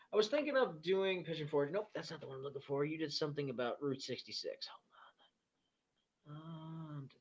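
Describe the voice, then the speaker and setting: A man hosting a casual live stream, reading chat comments aloud and bluntly talking back to trolls with plenty of swearing. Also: medium pitch. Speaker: livestream host. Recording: dull lo-fi stream audio.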